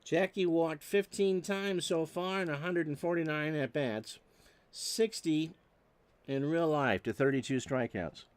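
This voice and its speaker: A man doing solo play-by-play of a simulated old baseball game, reading stats with dry jokes and getting loud on big plays. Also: fairly high pitch, unhurried, no room sound. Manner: dry joking asides between stats, erupts on big plays. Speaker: play-by-play announcer.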